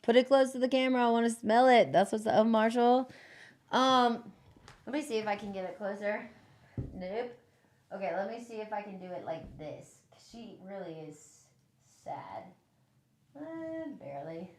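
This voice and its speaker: A woman's voice: a little high, animated, moderate pace, darkish tone. A woman casually showing her plants on a live stream, chatty and loose, swearing freely and restarting her sentences while she moves nearer to and farther from the mic.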